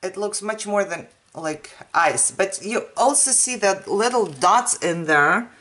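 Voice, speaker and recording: A woman's voice: medium pitch, expressive, slow, fairly bright tone. A woman who speaks English as a second language, chatting casually and laughing often while she demonstrates a craft project. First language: not English. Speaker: craft channel host. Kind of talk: casual crafting tutorial chat.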